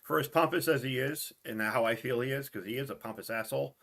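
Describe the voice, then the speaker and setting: Male podcast co-host, gravelly, blunt and joking, mid-range pitch. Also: quick pace, a bit bright. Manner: joking, blunt, restarts a lot. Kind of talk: casual chat.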